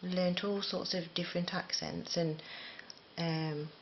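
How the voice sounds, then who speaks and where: A middle-aged woman from the talks through a crochet tutorial in a rambling, self-deprecating way. Her voice sits low with a gravelly fry, and the recording sounds a little dull and lo-fi. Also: fairly even intonation, a little slow, slight background noise. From England. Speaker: crochet teacher. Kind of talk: casual spoken tutorial.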